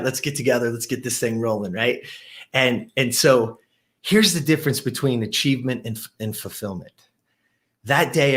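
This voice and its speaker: Here a gym owner and host in middle age addresses the camera with an inspiring story, his voice swelling when he gets excited and dropping low in thoughtful stretches.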